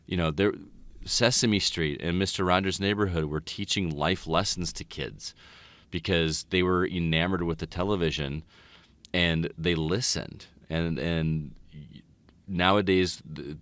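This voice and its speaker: A man's voice: low voice, fairly bright tone, dry recording. A man who teaches, talking earnestly and at length in a casual podcast chat. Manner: earnest, rambling, reflective.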